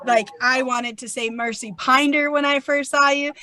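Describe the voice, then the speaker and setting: A woman with a New England accent hosting a casual faith chat, talking in an animated, chatty way with plenty of fillers. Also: high voice, normal speed, a little hiss or hum. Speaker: host.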